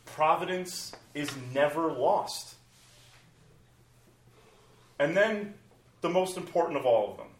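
Guy preaching a sermon, animated then hushed, echoey room, mic kinda far off. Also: a little high, slow pace, long pauses. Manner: animated, swings from loud exclamations to soft hushed tones. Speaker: pastor.

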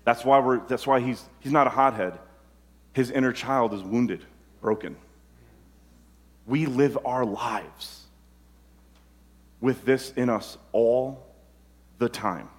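Male preacher, sermon delivery, impassioned, urgent emphasis, mid-pitched voice. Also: takes it slowly, long pauses.

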